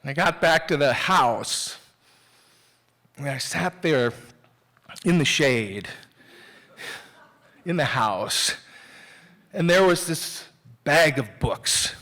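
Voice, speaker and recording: A man's voice: on the high side, expressive, slow, pauses often, sharp tone. A man telling a personal story live on a theater stage, candid and self-mocking, talking conversationally with restarts.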